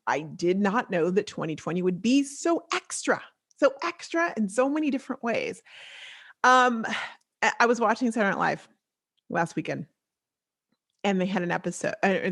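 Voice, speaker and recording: A woman hosting a podcast in a casual monologue, chatty and often breaking into laughter between sentences. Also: lowish voice. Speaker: podcast host.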